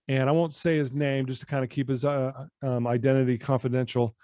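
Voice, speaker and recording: A personal development coach, appearing as a podcast guest from his home office, tells a story with energy, acting out the dialogue as he goes. He speaks at medium pitch and fairly quickly, and the recording is dry.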